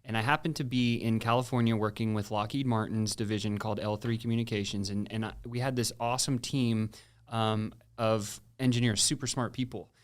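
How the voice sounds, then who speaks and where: A middle-aged man on a podcast, telling his story in a casual, animated way, with slang and frequent restarts. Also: on the low side, a little fast, smooth.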